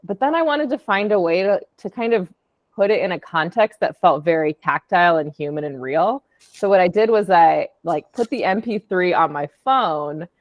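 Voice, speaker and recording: A chatty woman with a slightly low voice talks through her creative projects, upbeat and full of fillers. Her sound is dry and a little muffled, like audio from an online call. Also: animated, moderate pace, no room sound. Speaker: podcast producer and audio artist. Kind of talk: casual presentation.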